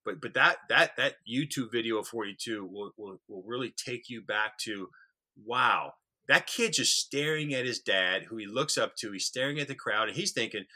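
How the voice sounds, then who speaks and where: A man's voice: mid-range voice, moderate pace, bright, forceful tone. A man co-hosting a casual talk show, telling a story earnestly and often repeating words as he starts a sentence. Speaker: podcast co-host.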